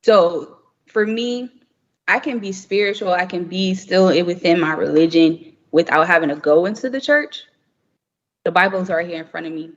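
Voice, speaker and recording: A woman's voice: lowish voice, moderate pace. A young woman talking candidly and emphatically in a casual chat, often laughing. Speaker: podcast guest. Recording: muffled remote audio with long reverb.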